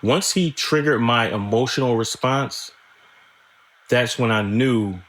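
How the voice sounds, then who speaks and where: A man talking candidly as a podcast guest, reflective and halting, often restarting his sentences and swearing now and then. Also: mid-range voice, a bit bright. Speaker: guest screenwriter. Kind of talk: candid conversational interview.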